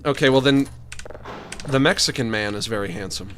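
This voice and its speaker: A man's voice: fairly low pitch, moderate pace, fairly bright tone, a little hiss or hum. A man streaming a game, rambling through jokey asides as he plays. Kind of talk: casual gaming commentary.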